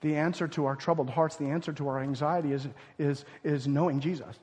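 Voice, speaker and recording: A man preaching a sermon as pastor, swinging from loud emphatic lines to hushed, near-whispered ones. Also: a little high, fairly even intonation, brisk, slightly rough, big-room sound.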